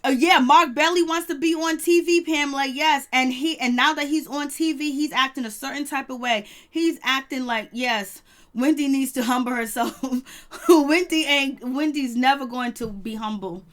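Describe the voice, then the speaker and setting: High-voiced woman reviewing reality TV. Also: normal speed. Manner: animated, mimics people she talks about, laughs often. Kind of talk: casual chat.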